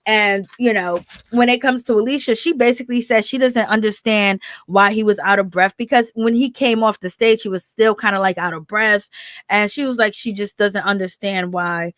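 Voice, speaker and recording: This woman hosts a call-in channel and recaps a reality show casually, chatting straight to her viewers with plenty of fillers. Her mid-range voice is fairly bright, with a steady tone, moderate pace, and no echo.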